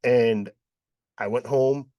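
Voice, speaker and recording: A man's voice: mid-range voice, steady tone, slow, dark tone, no echo. A man from New York hosting a panel, telling a personal story and acting out the dialogue. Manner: storytelling, acts out quoted dialogue, frequent "right?". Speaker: panel host. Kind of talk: panel discussion.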